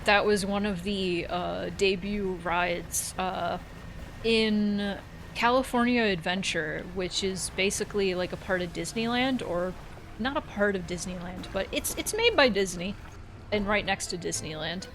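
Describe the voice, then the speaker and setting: A woman's voice: mid-range voice, unhurried, a bit bright, a little hiss or hum. A woman in her thirties from Central Florida, telling rambling stories with some swearing as she plays a game. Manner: rambling storyteller, swears, laughs at herself. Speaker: gaming streamer. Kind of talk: casual gameplay commentary.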